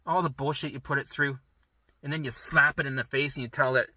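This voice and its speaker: A man's voice: medium pitch, fairly even intonation, fairly quick, sharp tone, no room sound. A man coaching listeners through recovery in a blunt, profane, emphatic motivational monologue.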